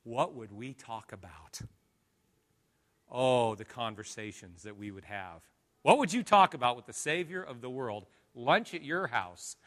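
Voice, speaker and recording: A male pastor preaching a sermon, swinging from hushed lines to loud dramatic ones. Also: medium pitch, lively intonation, a little slow.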